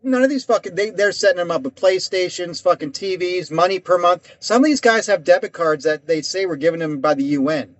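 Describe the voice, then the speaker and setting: A man's voice: high voice, quick pace, dry recording. Heated rambling man, dull dry recording. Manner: heated, rambling, swears often. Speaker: podcast co-host. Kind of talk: casual conversation.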